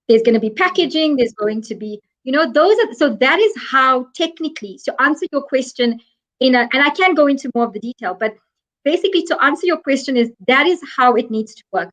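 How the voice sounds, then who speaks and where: An African woman with a high voice speaks as an interview guest. She explains with emphasis and earnest repetition, driving each point home. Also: lively intonation, a little fast, fairly bright tone, lo-fi sound. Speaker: guest expert on African trade.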